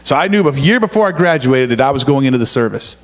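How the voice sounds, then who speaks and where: A man's voice: medium pitch, animated, quick pace, in a large hall. A middle-aged man telling family stories in a casual, joking sermon, poking fun at himself. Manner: joking, self-mocking, chatty. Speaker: pastor's son, co-preacher.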